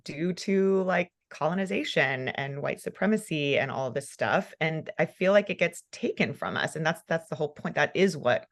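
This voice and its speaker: A woman hosting a podcast interview, talking in an emotional, fervent way and laughing often. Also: sits low. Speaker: podcast host. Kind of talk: casual conversational interview.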